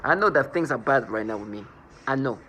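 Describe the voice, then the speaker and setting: A man's voice: medium pitch, expressive, a little fast, pushed and bright, slight background noise. A man rambling through a scornful personal monologue, restarting and repeating words as he goes. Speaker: vlogger.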